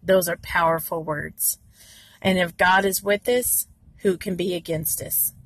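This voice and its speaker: A woman's voice: on the low side, steady tone, a little slow, breathy edge, no room sound. A woman giving an earnest, encouraging devotional talk from inside her parked car, with many fillers. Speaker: devotional speaker.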